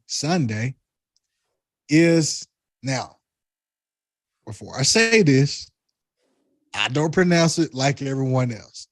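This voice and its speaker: A man with a Southern US accent speaks slowly and thoughtfully, weaving spiritual reflections into casual conversation. His voice is mid-range, and there's no room sound.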